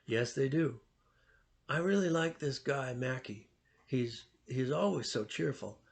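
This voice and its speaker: Guy reading an earnest teen boy, easy talky voice, gravelly. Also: mid-range voice, a little slow. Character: teenage boy, earnest and thoughtful.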